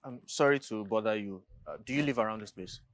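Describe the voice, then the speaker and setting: A man's voice: lowish voice, quick pace, a bit bright, natural voice. A man playing an exasperated Nigerian brother. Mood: polite. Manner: pleading, then exasperated and raised. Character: stressed man, brother of a wheelchair user. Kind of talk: Nollywood film acting.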